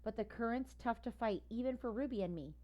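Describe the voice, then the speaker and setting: A woman doing a slow, gentle gorilla. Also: fairly high pitch, lightly acted. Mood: calm. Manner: slow, deliberate. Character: huge gentle male gorilla, slow and deliberate.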